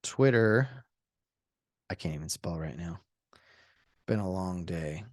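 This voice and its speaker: A man's voice: deep voice, lively intonation, slow, no echo, studio quality. A man hosting a solo podcast, rambling in casual talk with lots of fillers and sarcastic asides. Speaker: podcast host.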